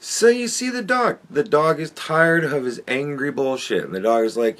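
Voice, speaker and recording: A man's voice: medium pitch, expressive, moderate pace, hardly any pauses, a bit bright. A man hosting a podcast, ranting crudely and mockingly with heavy swearing as he reacts to a clip. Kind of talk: profane ranting commentary.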